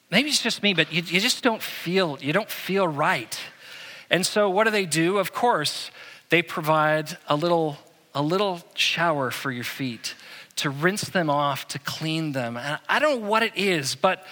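A man's voice: on the high side, sharp tone, long reverb tail. A man preaching a sermon as pastor, telling stories in a conversational, humorous way.

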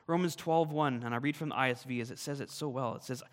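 A man's voice: mid-range voice, fast talker. Man preaching earnestly in a reverberant hall. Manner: earnest, emphatic preaching with rising and falling emphasis. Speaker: pastor. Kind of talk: sermon.

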